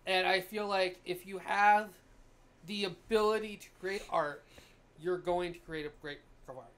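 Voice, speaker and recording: A woman's voice: lowish voice, fairly even intonation, normal speed, fairly bright tone. A woman co-hosting a podcast in casual chat, adding wry joking asides. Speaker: podcast co-host.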